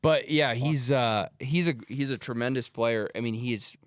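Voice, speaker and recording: A man's voice: mid-range voice, normal speed, clean tone, no room sound, studio quality. A young man co-hosting a casual podcast, telling stories with bursts of laughter. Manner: animated storyteller, laughs mid-story. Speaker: podcast co-host. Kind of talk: casual chat.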